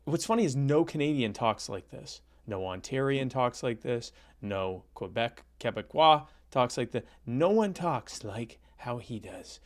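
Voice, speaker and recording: A man's voice: medium pitch, animated, unhurried, hardly any pauses. A man co-hosting a casual political podcast, talking in a sarcastic, agreeable way. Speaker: podcast co-host.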